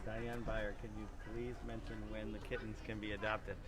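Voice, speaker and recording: A man helping on a live farm tour, reading viewer comments aloud and making relaxed, offhand asides to the host outdoors. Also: on the low side, normal speed. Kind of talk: casual live-stream chat.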